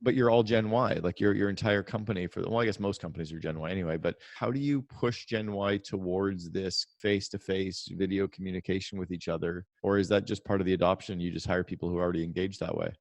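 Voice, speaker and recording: A man's voice: low-pitched, steady tone, fast, gravelly, few pauses, no echo. A middle-aged man hosting a business interview podcast, direct and anecdotal, asking long framing questions. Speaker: podcast host and business coach. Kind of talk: interview conversation.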